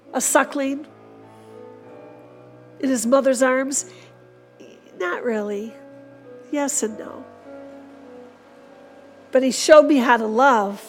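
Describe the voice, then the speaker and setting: Earnest high-voiced woman preaching slowly. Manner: earnest, repetitive, ends in prayer. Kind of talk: sermon.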